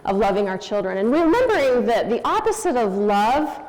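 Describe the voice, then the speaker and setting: A woman's voice: fairly high pitch, very animated, normal speed, darkish tone. A woman in her forties giving a candid, anecdotal talk on parenting as a church speaker, in a church hall. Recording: long hall reverb.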